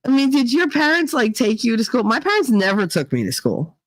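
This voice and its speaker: A woman's voice: a little high, wildly swooping pitch, brisk, no echo, low-quality recording. Chatty storytelling woman, dry close sound. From Northeast Pennsylvania, US. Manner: chatty storyteller, many fillers, mimics voices in quotes. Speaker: livestream host reading chat. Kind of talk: casual chat.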